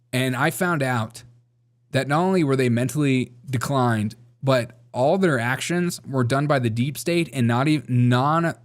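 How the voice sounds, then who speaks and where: A man hosting a casual political commentary show, sarcastic and laughing often as he reads out viewer comments. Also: medium pitch. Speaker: show host.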